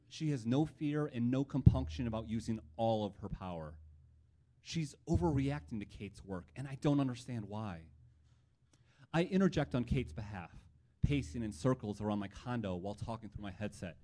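A man's voice: mid-range voice, warm tone. A man telling a first-person story from his own life in a wry, reflective way.

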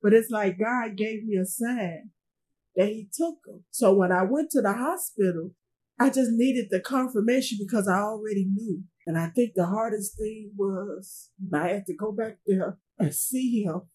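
Husky-voiced grieving mother recounting a loss. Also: mid-range voice, darkish tone, low-quality recording. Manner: halting, repeats phrases, trails off. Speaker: interviewee, bereaved mother. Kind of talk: emotional interview testimony.

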